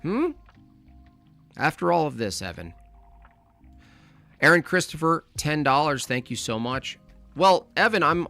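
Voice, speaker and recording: A man hosting a casual livestream, reading out donations and making animated, teasing, mock-scolding asides. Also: mid-range voice.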